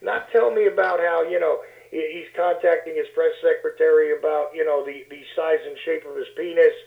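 Brief: wry, gravelly male guest, high voice, on an echoey tinny phone line. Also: steady tone, brisk. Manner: wry, sardonic, repeats words while thinking. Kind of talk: casual political talk. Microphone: phone call.

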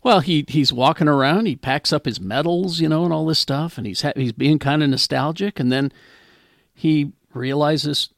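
Guy with a gravelly, higher voice, excitedly retelling a tv episode, lots of restarts. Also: normal speed, no echo, studio quality. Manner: animated retelling, frequent restarts. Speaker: podcast co-host. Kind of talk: casual episode recap chat.

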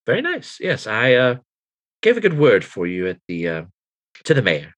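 A man's voice: mid-range voice, wildly swooping pitch, moderate pace, a bit bright, dull audio. A man voicing a courteous woman at a dinner, speaking formally and politely. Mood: cordial. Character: courteous woman merchant dining.

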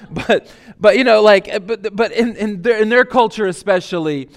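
A man's voice: high-pitched, normal speed. A man preaching a sermon as lead pastor, conversational with many fillers and restarts.

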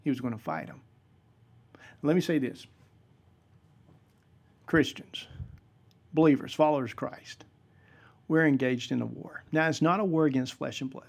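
A man's voice: medium pitch, normal speed, vocal fry, long pauses, breathy edge. A man preaching a sermon-style talk, emphatic and repeating key phrases for force.

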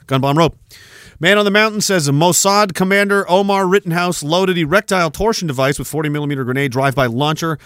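With a voice a little high and a bit bright, a man hosting a podcast delivers a sarcastic, heavily profane rant, laughing often as he goes through viewer messages. The sound is clean studio audio with no room sound.

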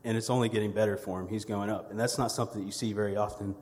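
A man's voice: on the low side, steady tone, racing, darkish tone, big-room sound, slight background noise. A man, delivering a sermon as a church media director, conversational and humorous with storytelling. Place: church sanctuary.

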